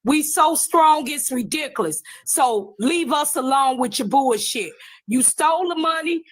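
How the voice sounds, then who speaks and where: A woman with a high voice delivers an angry, forceful rant on a live stream. She speaks with indignation and often breaks into a shout. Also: expressive, a little slow.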